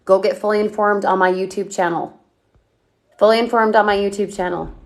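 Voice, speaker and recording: Brief: upbeat female coach on a livestream, chatty, quick-fire questions to viewers, mid-pitched voice. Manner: energetic, chatty, asks rapid questions. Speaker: online business coach. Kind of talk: livestream chat reading viewer comments.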